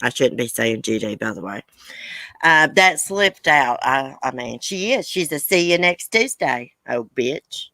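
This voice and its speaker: A woman's voice: rumbling low, expressive, a little slow, bright, forceful tone, no echo. Blunt woman chatting live. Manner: blunt, angry and profane, then chatty. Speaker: livestream host. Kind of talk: casual chat with live viewers.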